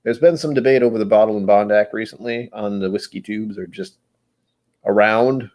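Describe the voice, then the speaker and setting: A man with a somewhat low voice talks his way through a live tasting session. He muses aloud and wanders off track, then gently pokes fun at himself. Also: moderate pace. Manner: rambling, musing, self-deprecating. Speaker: host of a whiskey tasting stream. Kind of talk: casual live-stream chat while tasting.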